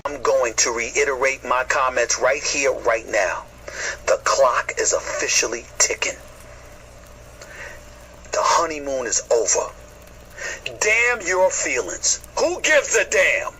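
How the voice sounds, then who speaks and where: A man's voice: medium pitch, sing-song, slow pace, long pauses, sharp tone, slight background noise, low-quality recording. A man giving blunt, emphatic sports commentary.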